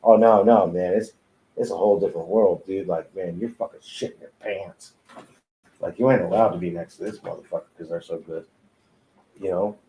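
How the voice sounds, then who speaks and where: A man's voice: sits low, fairly even intonation, fairly quick, dark tone, slight background noise, low-quality recording. A man who is a tattoo artist, telling his story in a casual, profane, laid-back way with frequent laughs, recorded in a tattoo studio.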